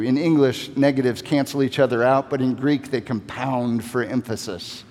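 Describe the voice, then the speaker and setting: A man preaching a sermon, rising to emphatic passages and then dropping to slow, quiet repetition of key phrases. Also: mid-range voice, steady tone, long reverb tail.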